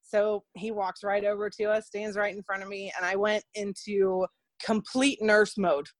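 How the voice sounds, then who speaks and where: Woman nurse telling a story, mid pitch, dry close sound, acts out the quotes. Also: normal speed, dry recording. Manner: animated, acts out quoted voices. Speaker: guest. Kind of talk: casual storytelling.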